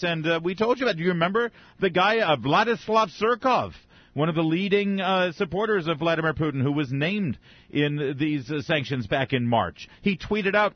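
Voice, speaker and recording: A man's voice: fairly high pitch, animated, moderate pace, no echo. A man hosting political talk radio, delivering sarcastic, mocking commentary with frequent asides. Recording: dull radio broadcast sound.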